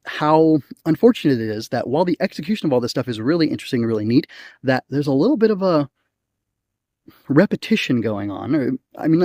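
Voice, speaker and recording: A man's voice: mid-range voice, warm tone, no echo, studio quality. A man hosting a casual solo podcast, reviewing an episode in a rambling way with frequent ums and likes, recorded outdoors. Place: outdoors in nature.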